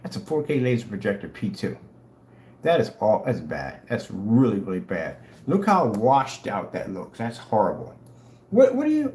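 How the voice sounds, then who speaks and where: This livestream host, who sells projector screen paint, speaks at a normal speed in a lowish, darkish voice whose pitch swoops wildly. He taunts his chat sarcastically and dares viewers to answer, with roomy echo and a faint hum around him.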